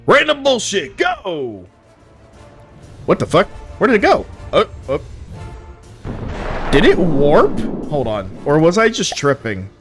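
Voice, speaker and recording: Lively-voiced male streamer, casually profane. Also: fairly high pitch, slow pace, gravelly, pauses often, faint music behind. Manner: profane, frank, easily amused. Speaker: streamer reviewing viewer builds. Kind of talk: casual live-stream commentary.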